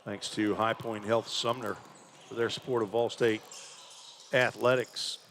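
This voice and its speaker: A man's voice: lowish voice, level tone, measured pace, creaky, a bit bright. Man, play-by-play basketball caller, chatty, faint gym noise behind. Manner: conversational, thinks aloud about stats. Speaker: play-by-play announcer. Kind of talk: live basketball commentary.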